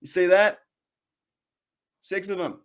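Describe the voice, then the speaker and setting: A man's voice: high voice, takes it slowly, clean tone. An Australian man hosting a solo fan podcast from his room, rambling and trash-talking a rival team with heated energy. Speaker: podcast host.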